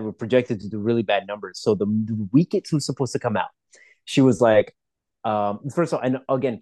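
In a fairly low voice with no echo, a man shares celebrity gossip in casual chat. His animated storytelling is profane and rambling, full of swearing and restarts.

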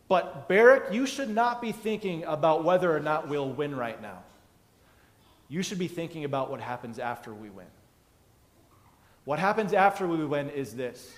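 A man's voice: a little high, lively intonation, moderate pace. Man preaching in a reverberant church. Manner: conversational preaching, acts out biblical dialogue. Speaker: pastor. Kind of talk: sermon.

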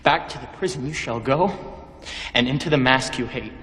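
A man's voice: medium pitch, moderate pace, bright, forceful tone, lightly acted. An actor playing a tyrannical young king who gives cold, threatening commands. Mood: menacing. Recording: long hall reverb from a film clip.

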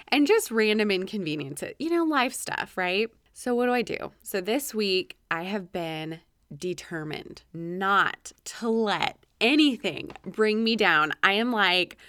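A woman's voice: medium pitch, lively intonation, unhurried, a bit bright, clean tone, no echo, clean studio sound. A woman hosting a solo podcast, talking energetically and acting out her own thoughts in quotes. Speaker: podcast host. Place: home office.

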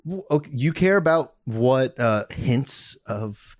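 A man's voice: mid-range voice, animated, slow pace, dry recording, studio quality. A man in his twenties co-hosting a podcast, joking around and laughing often in casual chat. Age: 20s. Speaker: podcast co-host.

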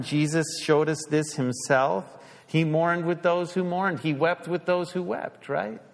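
A man preaching a sermon as pastor, emphatic, putting questions to the congregation and dropping his voice low to stress a point. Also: big-room sound.

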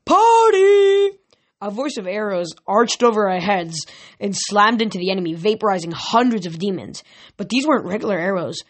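A woman's voice: medium pitch, a little fast. Woman narrator, amateur audiobook read, occasional stumbles and restarts. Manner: reading with slips and restarts. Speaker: reader. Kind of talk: audiobook reading of a novel.

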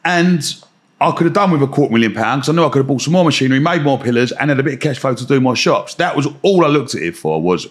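A man's voice: medium pitch, animated, quick pace. A man talks as a podcast guest, in a mid-range voice. He tells his stories bluntly and in plenty of slang, swearing freely and laughing along. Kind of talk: casual podcast chat.

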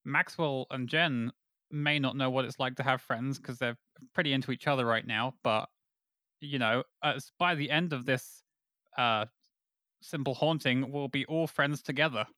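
A man playing in a tabletop game, speaking in character in an awkward, halting, rambling way. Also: medium pitch, pushed and bright, dry recording. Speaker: player. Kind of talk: casual role-play banter.

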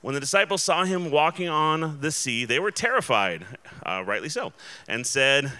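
Bright, clear-voiced man preaching casually. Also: mid-range voice, sing-song, normal speed. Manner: casual and chatty, many fillers and restarts, checks in with the audience. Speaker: pastor. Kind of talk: conversational sermon.

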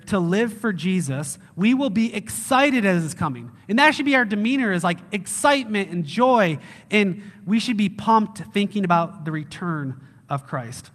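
A man preaching with a high, bright, forceful voice. He speaks casually and with animation, and he acts out excited lines. His voice carries the long reverb of a church hall. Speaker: lead pastor. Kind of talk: sermon.

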